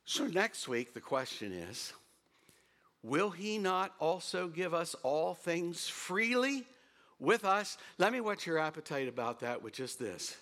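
On the high side and unhurried, a middle-aged pastor preaches a storytelling sermon. He is animated, hums tunes, and gets louder to drive points home.

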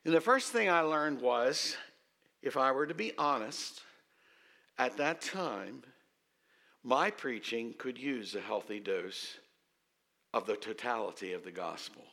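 A man in his fifties, a pastor telling a story in his sermon in a conversational, self-deprecating way with dramatic pauses. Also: medium pitch, animated, creaky, pushed and bright.

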